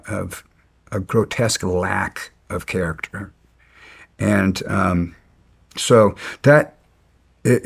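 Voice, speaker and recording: A man's voice: lowish voice, gravelly, slightly rough. A man as an interview guest, telling stories bluntly and with some resentment, stumbling and restarting his sentences. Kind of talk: casual storytelling.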